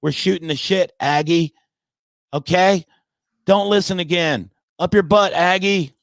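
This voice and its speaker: A man's voice: high-pitched, measured pace, fairly bright tone, no room sound. A man who works as a comedian, talking sports casually in a brash, profane way and mocking his critics. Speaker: comedian and podcast guest.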